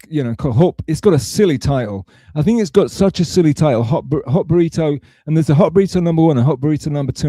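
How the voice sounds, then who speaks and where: A man's voice: medium pitch, warm tone, no echo, clean studio sound. A man hosting a livestream, rambling and swearing casually to his chat, often correcting himself mid-sentence. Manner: rambling, profane, self-correcting. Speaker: livestream host.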